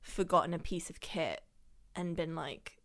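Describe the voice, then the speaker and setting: A woman's voice: sits low, unhurried. A woman, a photographer guest in a casual chat, talking in a chatty, self-deprecating way with many fillers.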